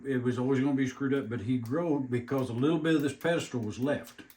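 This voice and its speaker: An older man, a taxidermist chatting casually, talking slowly with halting restarts and rural grammar. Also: mid-range voice, mellow, slight background noise. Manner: slow, halting, repeats words, rural grammar. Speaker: taxidermist guest. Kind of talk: casual chat.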